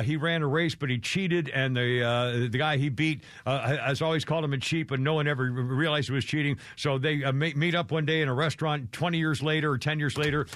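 A man's voice: a bit bright, no echo. Rambling male radio host, dry studio sound. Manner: meandering, acts out quotes with big pitch jumps. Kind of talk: rambling casual chat.

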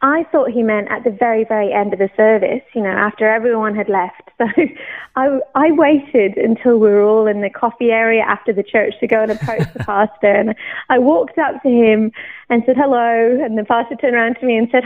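A woman's voice: on the high side, moderate pace. Woman from the UK telling her story over narrow radio audio. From United Kingdom. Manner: animated, laughing often, many restarts. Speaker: guest sharing testimony. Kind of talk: personal faith testimony, casual storytelling.

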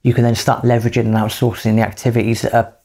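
A man co-hosting a podcast, giving emphatic advice in casual chat with quick bursts of speech. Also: mid-range voice, little pitch movement, darkish tone. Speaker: podcast co-host.

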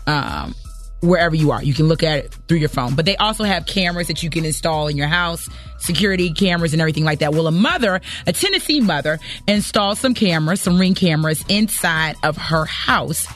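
A woman hosts a morning radio show, chatting casually and emphatically and exclaiming as she tells a story. Her low-pitched voice is animated and a little fast, recorded on a studio microphone with faint music behind her.

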